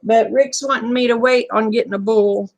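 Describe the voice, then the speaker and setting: Folksy Southern woman with a gravelly edge. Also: on the high side, steady tone, normal speed, a little mellow. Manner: folksy, chatty, reading and answering viewer comments. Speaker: livestream host. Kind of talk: casual chat with viewers.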